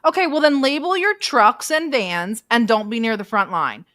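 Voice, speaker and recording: A woman's voice: a little high, moderate pace, fairly bright tone, dry recording. A woman guest on a casual political talk show, blunt and sarcastic. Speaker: guest commentator.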